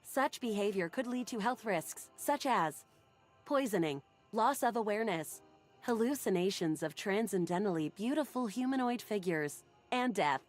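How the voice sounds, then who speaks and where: A woman voicing a polite female AI home assistant in a game, formal, measured and literal. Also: mid-range voice, expressive, soft background music, close to an everyday voice. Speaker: game character.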